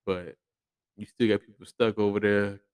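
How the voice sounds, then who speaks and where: A man speaks in a low, smooth, resonant voice. He hosts a casual solo podcast, blunt and profane, often stammering and restarting his sentences. The sound is dry and close to the mic. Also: flat delivery, moderate pace, no echo. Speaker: podcast host.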